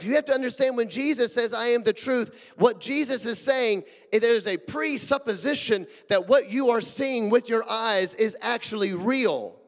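High-voiced pastor preaching in a hall. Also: male voice. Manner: emphatic, rhetorical questions, swings between loud and hushed. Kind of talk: sermon. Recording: long hall reverb.

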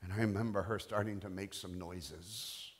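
A middle-aged male pastor preaching a sermon, telling a testimony softly and rising to loud, impassioned declarations. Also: low-pitched, fairly even intonation, normal speed, slightly rough. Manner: quiet storytelling building to loud, impassioned declarations.

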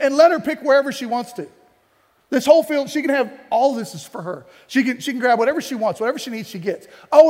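A pastor voicing a generous, smitten landowner, speaking in a casual, reassuring way that repeats itself. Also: male voice, very high-pitched, voice pushed up. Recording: long hall reverb.

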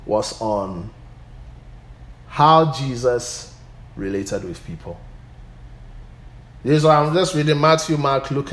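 A pastor teaching a Bible study, often stopping to say "Amen". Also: male voice, medium pitch, reverberant. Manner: punctuates points with "Amen".

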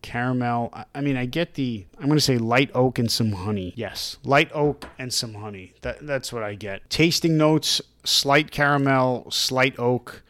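A man co-hosting a casual podcast, chatty, reading out tasting notes in a flat list-like way on a close mic. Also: mid-range voice, unhurried, hardly any pauses, dry recording. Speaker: podcast co-host.

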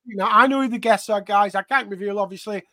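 A man co-hosts a live podcast in a hearty, enthusiastic style, full of pub-talk banter. His voice sits high for a man and sounds very dry and close, with no room sound. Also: fast talker, pushed and bright, dry recording. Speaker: podcast co-host. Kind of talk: casual live podcast chat.

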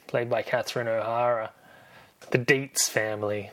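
A man's voice: medium pitch, fairly even intonation, normal speed, a bit bright. A man hosting a podcast, recapping a film in a rambling, jokey way and correcting himself as he goes. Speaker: podcast host.

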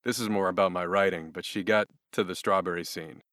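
A man, a narrator guest, telling stories in a laughing, animated way. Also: deep voice, brisk, crowd noise. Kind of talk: conversational interview answers.

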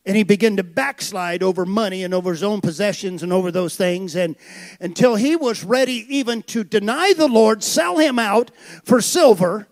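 A man preaching a sermon with passion, building to shouted high points. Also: moderate pace. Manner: impassioned preaching that swells to shouts.

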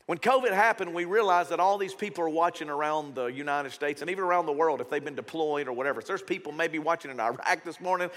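A man's voice: fairly high pitch, quick pace, few pauses, a bit bright. A middle-aged man, preaching a sermon in a conversational, storytelling way with strong emphasis. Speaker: pastor. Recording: reverberant church hall.

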